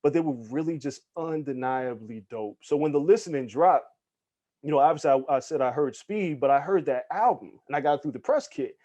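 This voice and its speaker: A man guesting on a podcast interview, telling stories in an animated, casual way, acting out the people he quotes and swearing freely. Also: a little high, brisk. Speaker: guest, hip hop journalist.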